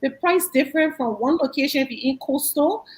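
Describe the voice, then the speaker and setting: A woman, president of a nonprofit, speaking haltingly in an interview. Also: high-pitched, low-quality recording. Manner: halting, many fillers and restarts. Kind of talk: interview conversation.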